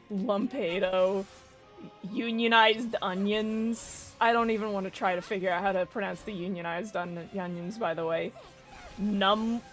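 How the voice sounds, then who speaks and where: A young woman chats and rambles her way through a game stream, swearing freely and breaking into laughter. Her voice sits at an ordinary pitch for a woman, with faint music underneath. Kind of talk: casual gameplay commentary.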